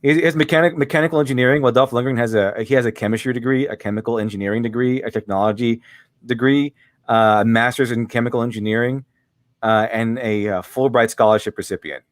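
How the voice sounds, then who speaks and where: A man hosts a relaxed livestream with friends, reading out chat messages and reacting to memes. He laughs easily between lines, and his voice sits at an everyday middle pitch. The sound is dry and close, with no room echo. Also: fast. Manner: laughs often while reading memes aloud. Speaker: stream host reading chat. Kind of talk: casual group chat on a livestream.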